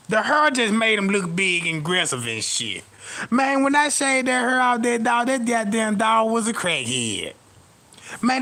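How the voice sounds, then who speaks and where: A comedian with a very high, sharp voice tells profane comic stories stand-up style, constantly asking "you know what I'm talking about."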